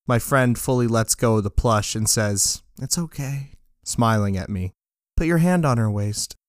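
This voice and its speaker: A man with a low voice narrates a dark story in a flat, deadpan way. The recording is close and dry, with no room sound. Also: smooth, dry recording. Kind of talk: scripted first-person narration of dark fiction.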